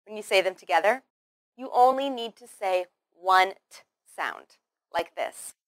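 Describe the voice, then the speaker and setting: A woman teaching English pronunciation in a slow scripted lesson, carefully over-articulating words, drilling them in repetitions and praising the learner. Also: mid-range voice, expressive, no echo.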